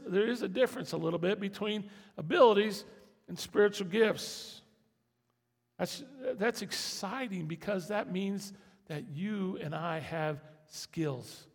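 Folksy preacher guy in a church, gravelly voice, lots of hall echo. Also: high voice, a little slow. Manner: folksy, conversational preaching with rising emphasis. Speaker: pastor. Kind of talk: sermon.

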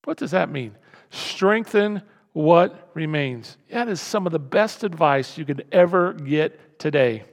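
High, gravelly preacher in a reverberant hall. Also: male voice, expressive, unhurried. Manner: swings from low murmurs to loud exhortation. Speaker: pastor. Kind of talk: sermon.

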